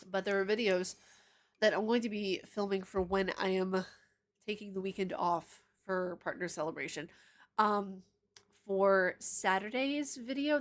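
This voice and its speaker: A woman streaming live, chatting casually and answering viewer comments, rambling into tangents and laughing often. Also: mid-range voice.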